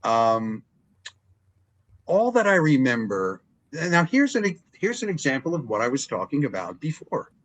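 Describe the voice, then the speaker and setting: A man's voice: mid-range voice, measured pace. An older man, a wrestling ring announcer, telling stories as an interview guest and acting out remembered dialogue. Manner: animated storyteller who acts out remembered dialogue. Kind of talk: casual interview storytelling.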